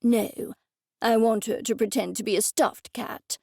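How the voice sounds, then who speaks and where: A woman's voice: fairly high pitch, fairly even intonation, measured pace, gravelly, dark tone, no room sound, studio quality. A woman reading the lines of a cheerful, scheming older man in an audiobook, in an upbeat, matter-of-fact way.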